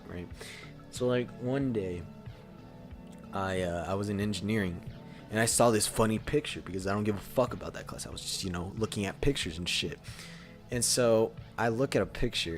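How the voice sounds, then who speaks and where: A young man co-hosting a podcast, telling a story in a rambling, casual way with lots of fillers and bursts of laughter. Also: on the low side. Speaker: podcast co-host.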